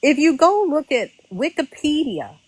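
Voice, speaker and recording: A woman's voice: sits high, a little slow, no room sound, rough recording. Indignant woman telling her story. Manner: animated and indignant, acts out quotes. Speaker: former reality show contestant. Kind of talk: casual interview storytelling.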